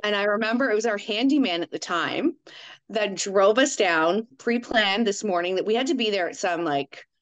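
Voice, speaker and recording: A woman's voice: medium pitch, expressive, normal speed, poor audio. A woman, co-hosting a podcast and recalling a story in an upbeat, chatty way. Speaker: podcast co-host. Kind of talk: casual storytelling chat.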